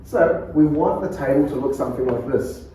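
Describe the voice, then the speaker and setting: Kiwi male pastor teaching preaching, calm and chatty, mellow tone, picked up from a distance in an echoey church hall. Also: fairly high pitch, fairly quick, slight background noise. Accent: New Zealand. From New Zealand. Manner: calm, conversational, laughs often. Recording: echoey room, far from mic.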